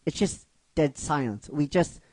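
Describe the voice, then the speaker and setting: A man's voice: on the high side, animated, measured pace, darkish tone, no room sound. A man telling and explaining the story of his own fan script in a casual, rhetorical way, repeating himself. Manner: rhetorical, keeps asking "right?", repeats himself.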